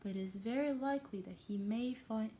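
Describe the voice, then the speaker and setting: An excitable, pushy middle-aged mother, gossiping with shrill, insistent eagerness in a high voice, as a woman reader puts her on. Her tone is mellow and warm beneath the strain. It comes from a storybook reading by a non-native English speaker. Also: a little fast, lightly acted. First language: not English.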